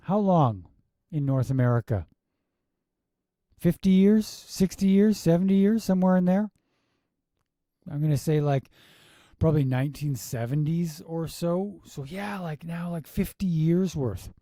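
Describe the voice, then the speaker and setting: Exasperated man with a dark voice. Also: fairly high pitch, no room sound, studio quality. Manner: exasperated rhetorical questions, quick asides. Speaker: yoga teacher reviewing a class video. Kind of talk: casual critique with commentary.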